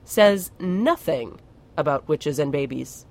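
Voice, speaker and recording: A woman voicing an ancient, grumpy male bog monster who speaks slowly and sternly. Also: deep voice, animated, creaky, a little mellow, heavily acted. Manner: slow, stern, emphatic.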